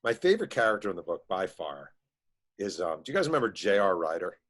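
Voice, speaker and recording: He speaks in a fairly low voice as a guest author spinning anecdotes. His pace surges in quick bursts, loaded with "like" and "um." It sounds animated and conversational rather than scripted. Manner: animated storyteller, quick bursts, many fillers. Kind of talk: casual storytelling chat.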